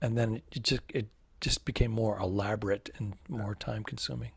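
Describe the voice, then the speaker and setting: A man co-hosting a comedy podcast, chatty and teasing, quick to jump in with jokes. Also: fairly low pitch, steady tone, creaky, husky, no echo. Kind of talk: casual comedy podcast banter.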